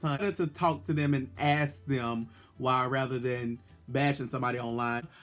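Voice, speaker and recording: A man, a drag queen vlogger, chatting in a sassy, playful way as he reviews an episode. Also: on the high side. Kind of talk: casual video review.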